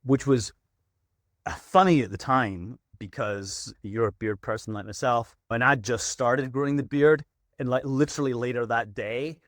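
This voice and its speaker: A man's voice: mid-range voice, moderate pace, dry recording, studio quality. A middle-aged veterinary practice manager, a man, telling stories in a casual interview and acting out his own stern warnings to clients.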